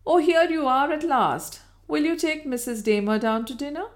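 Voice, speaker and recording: A woman's voice: high-pitched, lively intonation, moderate pace, voice pushed up. Woman doing an eager bustling hostess. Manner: bright, eager exclamations.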